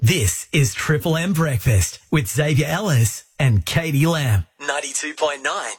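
Brief: male radio imaging voice, husky and animated, punchy station ID read. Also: fairly high pitch, measured pace. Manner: punchy, promotional delivery. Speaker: station announcer.

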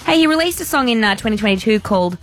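A woman's voice: a little high, animated, very fast, soft background music. An Australian woman co-hosting a radio show, chatty, teasing and enthusiastic in casual banter. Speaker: radio co-host. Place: radio studio. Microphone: studio microphone.

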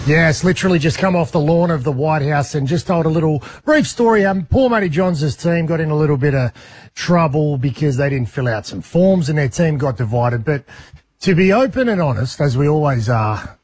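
A man's voice: fairly high pitch, lively intonation, normal speed, a little mellow, husky, no echo, clean studio sound. An Australian man co-hosting breakfast radio, telling a rambling story and laughing as he goes. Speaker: radio co-host reporting from abroad. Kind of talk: casual breakfast radio banter.

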